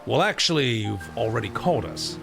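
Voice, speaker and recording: A man's voice: medium pitch, sing-song, a little fast, vocal fry. A man voicing a blunt, sarcastic male doctor in a video game playthrough, talking in a wry, dismissive way. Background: game music.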